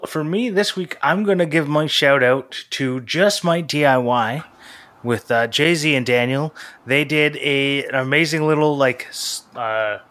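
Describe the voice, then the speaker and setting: A man's voice: mid-range voice, fairly bright tone. A young man co-hosting a podcast, chatting in an upbeat, casual way. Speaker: podcast co-host. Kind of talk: casual chat.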